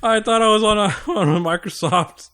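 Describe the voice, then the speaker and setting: A man's voice: sits high, fairly quick, a bit bright, clear, resonant tone. Blunt, swearing man in podcast banter. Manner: blunt, swearing, laughs easily. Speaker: podcast co-host. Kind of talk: casual chat.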